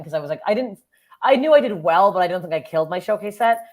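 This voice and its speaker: A Canadian comedian in her thirties, guesting on a podcast, tells blunt, profane stories with lots of animation. Her voice is fairly low and she talks quickly, in a casual storytelling style.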